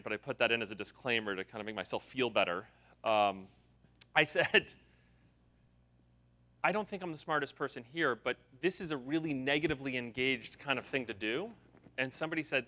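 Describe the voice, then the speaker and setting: Bright, energetic man giving a keynote. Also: mid-range voice, fairly quick. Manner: energetic storyteller, acting out quotes. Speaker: conference keynote speaker. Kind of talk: conference keynote speech. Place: conference hall.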